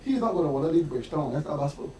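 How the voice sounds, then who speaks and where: A man's voice: a little high, expressive, rapid-fire, dark tone, recorded from a distance, a little hiss or hum. A Barbadian man on a discussion panel, walking through examples and checking in with "right?". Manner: lays out scenarios, asks "right?". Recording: roomy, off-mic.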